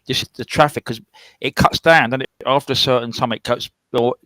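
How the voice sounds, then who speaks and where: A man's voice: medium pitch, steady tone, bright, forceful tone, no room sound. Rambling English man, live stream host. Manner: rambling, halting, repeats himself. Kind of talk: casual chat on a live stream. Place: at home. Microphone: headphones.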